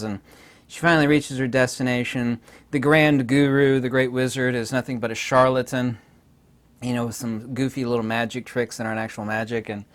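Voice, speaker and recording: A man giving an unscripted solo talk as a channel host, digressive and self-assured, with sudden bursts of higher, louder emphasis. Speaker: channel host lecturing on philosophy.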